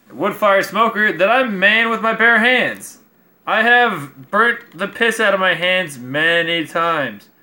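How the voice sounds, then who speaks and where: A man with a fairly high, bright voice rambles his way through a build as a vlogger. He swears freely and pokes fun at himself as the talk drifts from topic to topic. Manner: rambling, profane, self-mocking. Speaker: crafting vlogger. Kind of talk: rambling casual chat while building.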